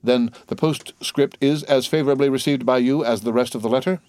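A man's voice: mid-range voice, fairly quick, a little mellow, no room sound, studio quality, voice pushed up, close to an everyday voice. A man reading the part of a timid, fawning old Italian ex-major in an audiobook, with a hesitant, eager manner. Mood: eager, anxious.

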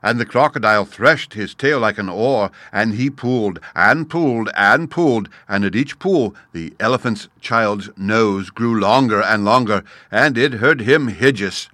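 A man reads a storybook aloud in a measured, expressive manner, turning now and then to address the listener. His voice sits a little low with a bright, forceful tone. The recording is close and dry. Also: no echo.

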